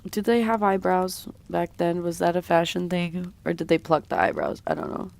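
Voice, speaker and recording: A woman streamer chats casually with viewers while she draws, reading and answering chat, and she sounds a bit sick. Her lowish voice is a little mellow, with vocal fry, fairly even intonation and normal speed.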